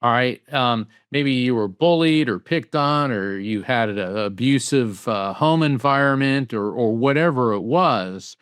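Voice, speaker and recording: A man speaking as a guest in an interview, answering emphatically with rhetorical questions and lively anecdotes. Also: mid-range voice, unhurried, hardly any pauses, clear, resonant tone, no room sound, clean studio sound. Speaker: psychic medium and guest.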